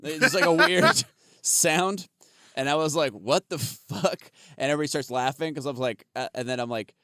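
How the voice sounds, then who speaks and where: A man's voice: on the high side, a little fast, bright, forceful tone, clear, resonant tone, no room sound, studio quality. A man co-hosting a podcast, a comedian who tells rambling stories, swears freely and laughs often. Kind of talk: casual chat.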